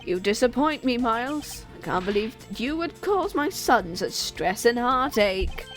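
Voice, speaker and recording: A woman voicing a smooth, condescending older man while reading game dialogue aloud, soothing and patronizing. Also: a little high, sing-song, measured pace. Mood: reproachful. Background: faint game music.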